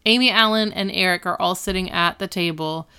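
A woman with a smooth, clear voice talks casually, recapping a sitcom scene by scene. She quotes the characters' lines and corrects her co-host's details. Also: fairly low pitch, fairly quick, pushed and bright. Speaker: co-host recapping a sitcom episode. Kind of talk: casual chat.

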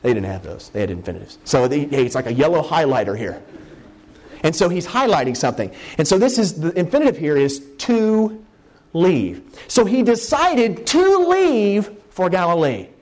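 A man delivers a sermon like a Bible study, speaking in a relaxed, conversational way. His voice sits a little high and swings widely in pitch as he animates his points. He slows down to lean on the words he wants to stress. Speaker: preacher.

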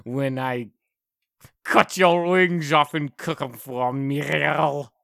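A man's voice: a little high, fairly even intonation, slow pace, vocal fry, bright, forceful tone, dry recording, clean studio sound, exaggerated voice. A man playing a vengeful superhero bear man who growls threats. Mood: threatening.

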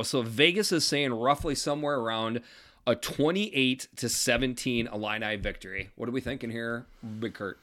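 A man hosting a casual sports podcast with a bright, forceful voice. He walks through game times and betting lines in a chatty way. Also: mid-range voice, normal speed. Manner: chatty, breaks down games with odds. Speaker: podcast host.

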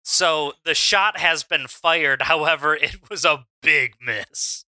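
A man narrating a tabletop wrestling game as game master, in an unhurried way with lots of ums and uhs. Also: a little high, pushed and bright, no room sound.

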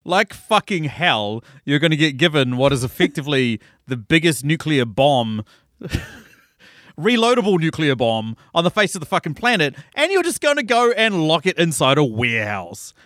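Male podcast co-host, animated and profane, somewhat high voice, dry recording. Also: moderate pace, dry recording. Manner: animated, swears freely, laughs through stories. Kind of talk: casual movie podcast chat.

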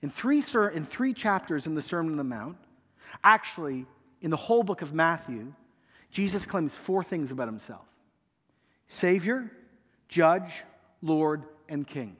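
High-voiced preacher in a reverberant hall. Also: male voice, measured pace, pauses often, breathy edge. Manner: animated preaching, acts out quoted lines, trails off quietly at phrase ends. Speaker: pastor. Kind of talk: sermon.

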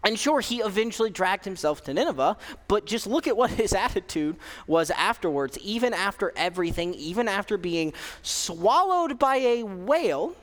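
A man's voice: high voice, a bit bright, long reverb tail. A young man giving a conversational sermon, candid and self-deprecating, with frequent fillers and restarts. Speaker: preacher. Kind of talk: casual sermon.

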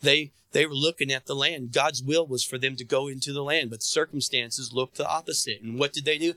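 In a bright, forceful voice of medium pitch, a male pastor preaches at a fairly quick pace and a steady tone. He shouts out to the congregation, pushing them to answer back, and the audio is close and dry.

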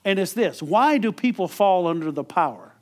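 A man's voice: high voice, animated, moderate pace, a little mellow. Chatty man preaching a sermon. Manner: conversational, repeats and restarts words, chuckles often.

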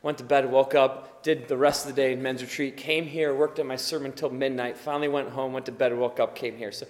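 A tired man preaching as a pastor, earnest and swinging from quiet to loud emphasis. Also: mid-range voice, steady tone, fairly quick, in a large hall. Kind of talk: sermon.

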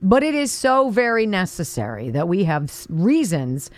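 A woman's voice: medium pitch, normal speed, no room sound. A woman hosting a radio show, reading jokes in casual banter and laughing often. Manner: laughs often, lively joke delivery. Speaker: radio host.

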